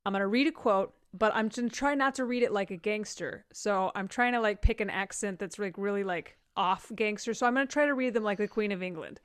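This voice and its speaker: A woman's voice: medium pitch, a little fast, few pauses, clear, resonant tone. A woman hosting a casual podcast, playfully quizzing her guest. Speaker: podcast host.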